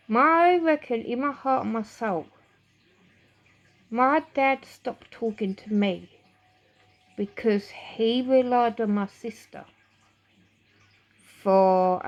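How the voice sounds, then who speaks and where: A middle-aged woman telling a painful personal story to camera, emotional and rambling, with swearing and frequent restarts. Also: fairly high pitch. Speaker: vlogger.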